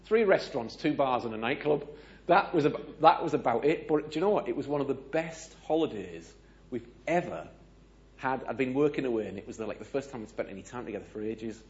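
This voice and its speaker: A British man speaking to a gathered audience, telling a lively personal story, asking the audience questions and acting out the dialogue. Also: mid-range voice, a little fast, muffled recording. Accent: British English. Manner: animated, asks audience questions, acts out dialogue. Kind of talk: storytelling sermon.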